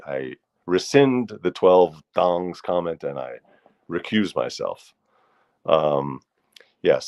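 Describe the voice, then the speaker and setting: A man with a very low voice hosts a relaxed livestream, talking casually and rambling a little. He greets his viewers one by one by name. He sounds middle-aged and at ease. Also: creaky, dull audio. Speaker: host.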